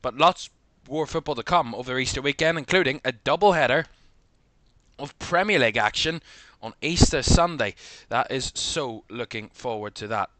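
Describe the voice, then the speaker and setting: A man's voice: mid-range voice, normal speed, pushed and bright, no room sound. A man with a Northern Irish accent from Belfast, hosting live watchalong commentary in a rambling way, full of fillers. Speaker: host.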